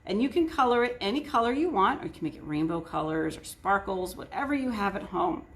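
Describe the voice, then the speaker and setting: A woman's voice: mid-range voice, animated, a little fast. A woman children's librarian leading an online story time and craft, chatting directly to kids from a table in front of her camera. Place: indoors at a table. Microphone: camera set on the table.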